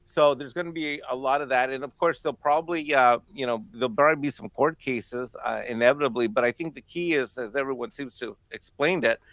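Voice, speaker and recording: A man's voice: mid-range voice, fairly quick, few pauses, fairly bright tone, dry recording. A man co-hosting a casual panel discussion, rambling with many fillers and laughing at times. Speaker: co-host.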